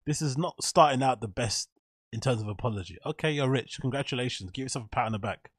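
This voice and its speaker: Male reaction host, mid pitch, dry close mic, loose and sweary. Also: fast, husky, dry recording. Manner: swears freely, rambling and joking. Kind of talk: casual reaction commentary.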